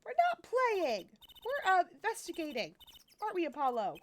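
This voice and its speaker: A woman voicing an excitable teenage girl sidekick who shouts and squeals in a bouncy way. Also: extremely high pitch, moderate pace, slight background noise, voice pushed up, heavily acted. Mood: excited.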